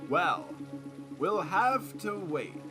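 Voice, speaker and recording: Brief: man voicing a calm cop, firm and reassuring, slow low-key delivery. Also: music in the background, full character voice. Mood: steady. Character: calm male police officer, adult.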